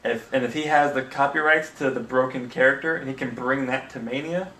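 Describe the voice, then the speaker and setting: A man co-hosting a casual chat, halting and repeating words as he searches for them. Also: medium pitch, bright, forceful tone. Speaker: podcast co-host. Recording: echoey room, faint noise.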